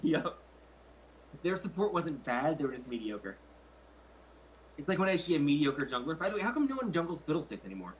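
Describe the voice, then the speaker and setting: A man's voice: on the high side, big pitch swings, fairly quick, long pauses, lo-fi sound, slight background noise. A young man chatting casually while gaming with friends, telling stories animatedly and mocking other players in quotes. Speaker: gamer streaming with friends.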